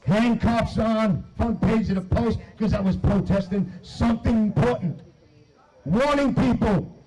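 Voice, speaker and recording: A man giving a shouted, emphatic and profane speech to a crowd at an outdoor protest. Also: high voice, measured pace, poor audio. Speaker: protest speaker. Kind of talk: rally speech.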